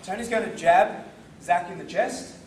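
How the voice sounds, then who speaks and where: A karate instructor teaching a class, drilling the students with call-and-response and calling out counts with energy. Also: male voice, sits high, normal speed, darkish tone. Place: large training hall. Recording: echoey hall from far off, noisy.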